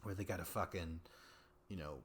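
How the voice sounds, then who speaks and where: A man's voice: deep voice, normal speed, breathy edge. A young man hosting a podcast, recapping in a rambling, profane, casual way with lots of fillers. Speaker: podcast host. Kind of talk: casual solo recap chat.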